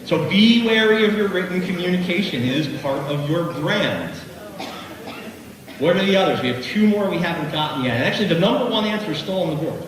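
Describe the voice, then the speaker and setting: A middle-aged man giving an animated, jokey keynote speech, talking straight to the crowd. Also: high-pitched, a little fast. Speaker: keynote speaker. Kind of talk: motivational keynote speech to a live audience. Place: large hall. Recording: echoey hall from far off.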